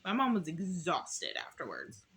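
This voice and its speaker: A young woman with a slightly hoarse voice, casually talking through a Bible study at home, reading verses aloud and rambling between them. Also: deep voice, huge pitch swings, unhurried, a bit bright, slight background noise. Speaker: YouTuber doing Bible study.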